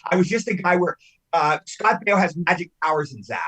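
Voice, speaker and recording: A man's voice: a little high, fairly quick, sharp tone, husky, low-quality recording. An older man, a veteran actor on a podcast, who talks frankly in a rambling way and often repeats himself as he restarts his sentences. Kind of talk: casual chat.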